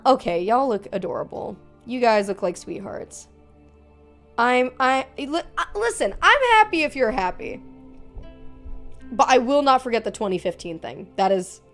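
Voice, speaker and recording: A young woman streaming from her room at home, chatting casually with viewers, reading chat aloud and joking between giggles. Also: on the high side.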